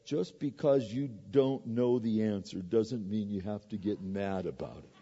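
A man voicing a boastful, bullying male lion in a told story, with loud blustering taunts. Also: lowish voice, a little slow, pitched below the performer's own voice. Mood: dazed, sulky. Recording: echoey hall, dull lo-fi sound.

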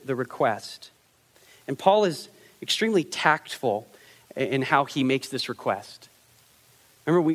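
A pastor with a mid-range voice delivers a conversational, animated sermon in a big, echoing room. He acts out quotes in shifting voices, often restarting and repeating words.

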